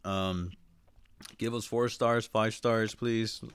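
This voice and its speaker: A young man co-hosting a podcast in a loose, joking chat, cursing casually as he talks. His voice sits on the low side, and the recording is close and dry with no room sound. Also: fairly even intonation, slow, clear, resonant tone, dry recording. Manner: joking, loose, swears freely. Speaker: podcast co-host.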